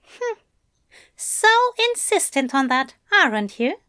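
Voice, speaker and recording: A woman's voice: high-pitched, big pitch swings, takes it slowly, bright, forceful tone, no room sound, clean studio sound, voice pushed up, exaggerated voice. Aziraphale, a woman doing a prim, coaxing male angel. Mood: teasing. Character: soft-spoken, doting male angel, fussy and controlling. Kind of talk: audiobook character voice.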